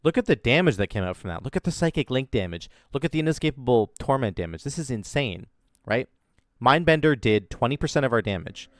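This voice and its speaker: A man's voice: mid-range voice, animated, a little fast, no room sound, studio quality. A man giving enthusiastic, casual commentary over his own video game footage, explaining as he plays. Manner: enthusiastic, explains while playing. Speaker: gaming content creator. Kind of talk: gameplay commentary.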